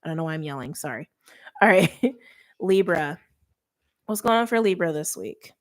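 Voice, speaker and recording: A woman's voice: low-pitched, expressive, normal speed. A young adult woman giving a chatty, emphatic tarot reading, interrupting herself often. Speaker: tarot reader.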